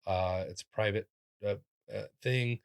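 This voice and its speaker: A male comedian tells stories in a relaxed interview, his fairly low voice leaping upward whenever he acts out someone he's quoting. He talks in quick restarts and fillers with lively energy. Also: creaky. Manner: animated, acts out quoted voices with big pitch jumps. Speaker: comedian guest. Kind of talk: casual interview storytelling.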